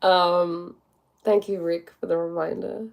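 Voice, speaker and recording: A young woman with a blocked nose, chatting casually on a livestream, with lots of likes and quick acted-out quotes. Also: fairly low pitch, darkish tone. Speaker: livestream host.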